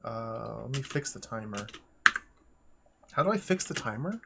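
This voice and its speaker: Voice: mid-range voice, expressive, unhurried, vocal fry, very noisy. Wry streamer reading game text aloud. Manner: chuckles often. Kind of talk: casual let's-play commentary.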